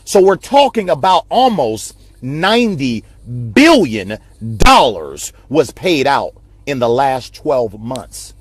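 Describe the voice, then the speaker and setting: A man's voice: medium pitch, breathy edge, no room sound. A man giving a passionate, repetitive motivational talk on a live video stream, like a preacher. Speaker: network marketing speaker.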